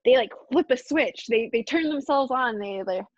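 A woman's voice: fairly high pitch, expressive, moderate pace, no echo, muffled recording. A young woman guest on a podcast, telling a rambling, self-deprecating story in casual chat. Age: young adult.

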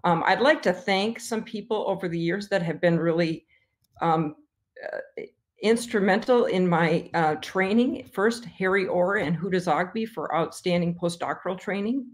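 An older woman scientist giving an emotional acceptance speech, halting with many fillers and restarts. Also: fairly low pitch. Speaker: award recipient, research scientist.

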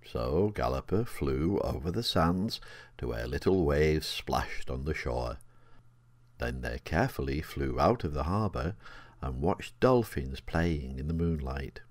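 Deep older guy reading a kids story, gentle, close dry sound. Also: lively intonation, measured pace, dry recording. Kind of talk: reading an original children's story aloud.

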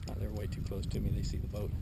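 A man teaching a fishing method on a boat outdoors, talking casually through a camera mic while he fishes, with frequent laughs. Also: fairly low pitch. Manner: relaxed, chatty, laughs often, talks while fishing. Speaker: fishing instructor. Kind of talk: casual how-to demonstration. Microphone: camera mic, he moves around it. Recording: outdoor camera audio with noise.

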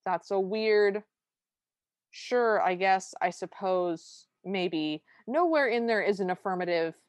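A woman's voice: mid-range voice, dry recording. A woman co-hosting a podcast, recapping a film in casual chat with wry exasperation. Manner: wry, exasperated, recounts scenes with quick impressions. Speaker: podcast co-host.

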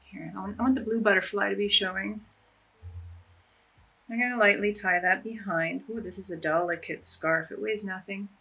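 A woman's voice: mid-range voice, fairly even intonation, normal speed, vocal fry, pushed and bright, slightly rough. A woman chatting casually and enthusiastically as she demonstrates ways to tie scarves, with a self-deprecating humor. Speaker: fashion vlogger.

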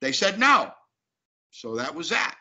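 A man's voice: on the high side, big pitch swings, unhurried, bright, forceful tone. A man, an actor, talking emphatically and animatedly as an interview guest. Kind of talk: casual interview talk. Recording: dull lo-fi sound.

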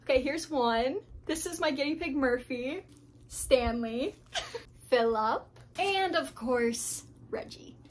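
A young woman pet vlogger chatting casually, bubbly and giggly, gushing with excitement. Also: sits high, slow, slight background noise. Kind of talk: casual vlog.

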